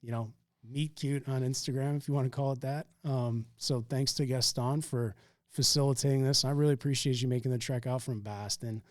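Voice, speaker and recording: A male podcast host speaks at an ordinary middle pitch, earnest and effusive as he talks. The recording is dry, with no room sound around his voice. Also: steady tone, fairly quick, no room sound. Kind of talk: conversational interview.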